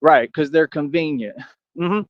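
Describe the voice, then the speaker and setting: A man's voice: fairly high pitch, measured pace, dry recording. A grown man hosting his own online show, ranting at critics in a confrontational way and dropping "right?" after his points. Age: adult. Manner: confrontational, repetitive "right?" asides. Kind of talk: casual ranting monologue. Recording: dull, dry lo-fi audio.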